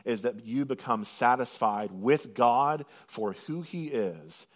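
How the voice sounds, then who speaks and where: A man preaching a sermon, swinging from loud, drawn-out proclamation to hushed intensity and slowing right down on scripture lines. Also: medium pitch, lively intonation. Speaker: pastor.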